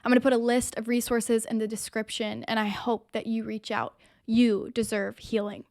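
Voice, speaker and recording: A woman's voice: fairly high pitch, flat delivery, normal speed, few pauses, darkish tone. A woman hosting her own show, delivering impassioned, emphatic opinion commentary straight to the viewer. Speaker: show host.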